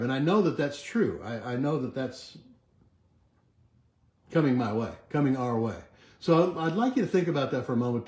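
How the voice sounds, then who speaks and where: Calm affirmations come from an older man with a mid-range voice, a chiropractor heading a weekly motivational march. In this self-help talk he repeats each one slowly and softly until it trails off, with roomy sound from a home kitchen that has a bay window.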